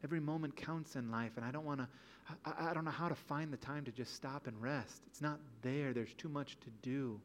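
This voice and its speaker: A man's voice: medium pitch, fairly quick, a little hiss or hum. A man preaching a sermon in an earnest, pleading way, full of rhetorical questions. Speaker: pastor.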